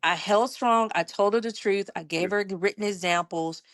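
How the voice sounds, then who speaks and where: A middle-aged woman from Georgia speaks, telling a story on a podcast. She has a medium voice and an expressive delivery. She acts out other people's lines as she goes. The sound is dry and close, with no room echo. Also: medium pitch, moderate pace. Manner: animated, acts out quoted dialogue, laughs while telling. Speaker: podcast guest, IT executive. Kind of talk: conversational storytelling.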